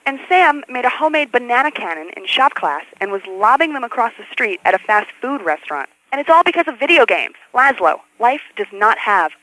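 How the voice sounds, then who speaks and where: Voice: medium pitch, sing-song, fairly quick, few pauses, sharp tone, no echo, rough recording. An actor voicing a worried mother who calls a radio show and moralizes in a fretful way.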